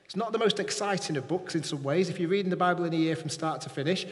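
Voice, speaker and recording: A man's voice: on the high side, fast talker. A man preaching a sermon to a congregation, engaging and often checking in with his listeners. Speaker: pastor. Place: church hall. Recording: long hall reverb.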